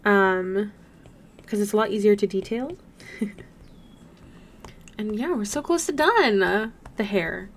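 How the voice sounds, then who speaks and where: A woman's voice: medium pitch, takes it slowly, pauses often. A young woman chatting casually on a live stream while she draws, bubbly and gushing. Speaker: streamer and artist.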